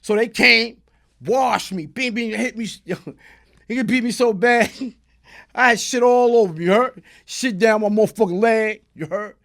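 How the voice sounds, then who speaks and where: High-voiced New man telling street stories. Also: normal speed, gravelly. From New York. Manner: animated street slang, bursts into loud shouting. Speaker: guest. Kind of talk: casual storytelling in an interview.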